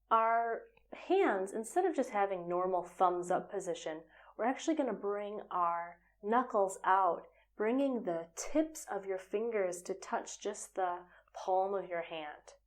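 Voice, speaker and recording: A woman teaching a yoga practice, giving calm, step-by-step spoken instruction and at times slipping into a breathy whisper. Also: mid-range voice.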